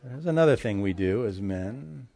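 A male pastor preaching a sermon, addressing the congregation directly with emphatic swings between loud and soft. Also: fairly low pitch, animated, normal speed, creaky.

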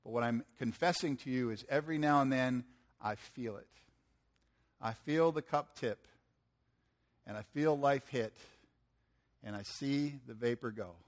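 Unhurried and given to long pauses, a pastor in his fifties speaks in a mid-range voice. He preaches conversationally, posing questions to the congregation and acting out quotes in slang.

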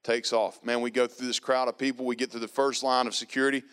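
A man's voice: medium pitch, flat delivery, quick pace, fairly bright tone, smooth. A man preaching, telling a personal testimony emphatically, with lots of repetition. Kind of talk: sermon testimony.

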